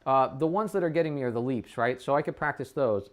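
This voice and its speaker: Smooth-voiced man explaining practice aloud. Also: medium pitch, quick pace. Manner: talks things through aloud, often checking in with "right?"; thinks aloud with frequent restarts. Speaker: trumpet teacher. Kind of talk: casual practice demonstration.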